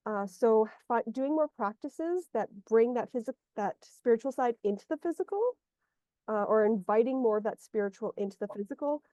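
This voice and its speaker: A woman's voice: a little high, normal speed, mellow, no room sound. A woman energy healer guiding a client one-on-one, meandering and searching for her words aloud over a video call. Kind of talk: one-on-one guidance session. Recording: muffled lo-fi audio.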